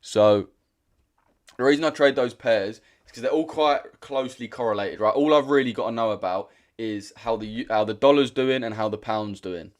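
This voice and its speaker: A man's voice: mid-range voice, moderate pace. A young British man hosting a trading livestream, chatting casually in a blunt, slangy way that repeats itself. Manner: slangy and direct, repeats himself.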